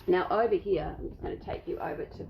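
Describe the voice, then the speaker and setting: A woman's voice: fairly low pitch, fast talker, creaky, dull audio, slight background noise. A middle-aged Australian woman hosting a cat rescue livestream from her home, talking casually and at length about the kittens. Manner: chatty, rambling, fond baby talk to the kittens.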